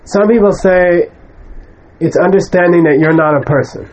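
A Buddhist teacher with a slightly higher-than-usual, somewhat mellow voice lectures students conversationally, emphatically and bluntly brushing aside wrong ideas. He keeps checking in with a quick "okay?". The recording is muffled with slight background noise.

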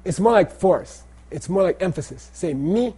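Mellow-voiced man teaching a class. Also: high voice, normal speed, breathy edge. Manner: patient, repeats words for students to echo. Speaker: language teacher. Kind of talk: classroom pronunciation drill.

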